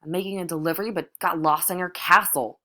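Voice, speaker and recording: A flustered teenage farm girl, read by a woman, speaks earnestly and a little awkwardly. The voice sits low. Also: steady tone, fast, sharp tone.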